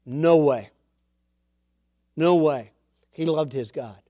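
A man's voice: a little high, slow pace, dark tone, no room sound. A man preaching a sermon, telling a story with energy and acting out the quotes.

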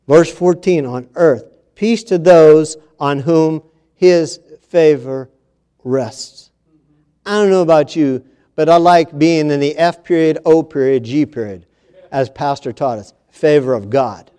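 A man preaching a sermon in a church, reading scripture and repeating key phrases with emphasis, moving between hushed and loud passages. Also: on the high side, expressive, a little slow.

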